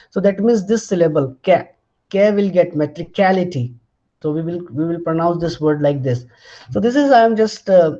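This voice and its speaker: A man with a high, mellow voice lectures on an academic topic. He explains patiently, stopping often to search for words. The recording is dull and lo-fi. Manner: explanatory, hesitant with frequent pauses and fillers.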